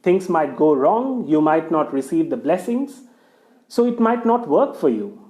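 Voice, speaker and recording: A man's voice: on the high side, very animated, unhurried, dark tone. A man doing a scheming trickster. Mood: persuasive. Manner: scheming, persuasive. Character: cunning man plotting a trick.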